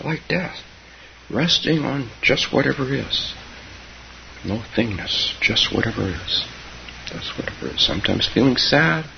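A man in his seventies giving an unhurried, reflective dharma talk, laughing softly and dropping to whispers, in a muffled recording. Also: mid-range voice, creaky, a little hiss or hum. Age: 70s. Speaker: meditation teacher.

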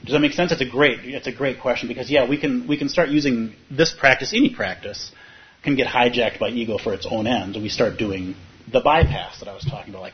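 A man's voice: medium pitch, brisk. Male meditation teacher, reflective answers, medium voice, slightly muffled recording. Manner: thoughtful, searching, affirming. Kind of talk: dharma talk Q&A.

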